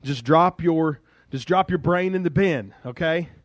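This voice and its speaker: A pastor voicing a big, gruff usher man who talks in a blunt, offhand way. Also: a little high, measured pace, dry recording, dull audio, natural voice.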